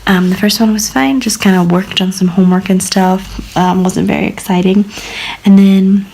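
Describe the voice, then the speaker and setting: A woman's voice: mid-range voice, steady tone, moderate pace, gravelly, warm tone, a little hiss or hum, rough recording. A young woman in her twenties chatting in a vlog about her teaching week, telling bubbly stories and sometimes dropping into a whisper. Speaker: vlogger, language assistant teacher. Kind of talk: casual vlog chat.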